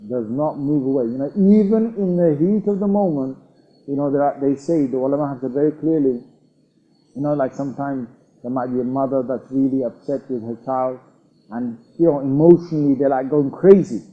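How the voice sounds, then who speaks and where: A man's voice: medium pitch, fairly quick, mellow, low-quality recording. A man giving a recorded religious lecture, reciting Arabic verses and explaining them in with earnest repetition. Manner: recites Quranic Arabic, then explains it in English; earnest, repeats phrases with restarts. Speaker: Islamic teacher.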